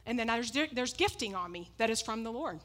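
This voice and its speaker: A woman's voice: a little high, animated, brisk, a bit bright. A woman preaching a sermon, emphatic and repetitive, often breaking into laughs as she makes her points.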